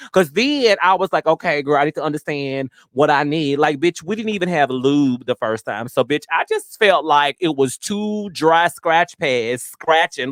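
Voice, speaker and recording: A woman hosting a podcast, telling stories in casual chat with a profane, animated manner. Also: low-pitched, normal speed, few pauses, no echo, clean studio sound. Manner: profane, animated storytelling with frequent "girl". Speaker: podcast host.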